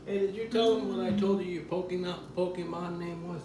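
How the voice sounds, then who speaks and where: A woman's voice: lowish voice, steady tone, brisk, dark tone, reverberant, a little hiss or hum, low-quality recording. A woman joining a live stream with joking, teasing banter. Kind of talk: casual banter.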